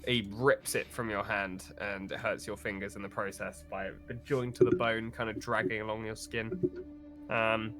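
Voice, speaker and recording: A man running a tabletop game as game master, describing scenes with lively relish. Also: lowish voice, normal speed, music in the background.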